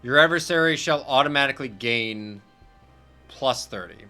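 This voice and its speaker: A man hosting a casual let's-play, excitable and thinking aloud, who swears freely. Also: medium pitch, normal speed, soft background music. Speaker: gaming channel host.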